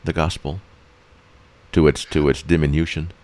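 A man's voice: rumbling low, level tone, normal speed, darkish tone. A man hosting an interview who repeats his words as he frames his questions.

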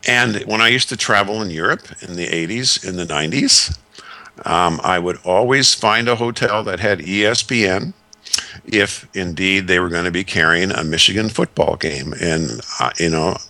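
A man in his sixties, a discipleship consultant, telling stories and giving advice in a measured, folksy way with many fillers. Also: low-pitched, sharp tone, dry recording. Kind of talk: radio talk segment.

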